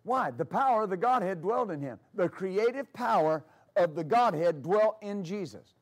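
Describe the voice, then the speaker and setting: High-voiced man preaching a sermon. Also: animated, moderate pace. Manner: preaching with emphatic repetition; storytelling asides with fillers. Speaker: pastor.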